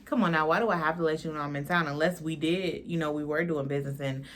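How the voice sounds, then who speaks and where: A woman's voice: low voice, steady tone, fast, a little hiss or hum. A young woman hosting a casual reality TV recap, blunt and slangy, swearing freely and mimicking the cast.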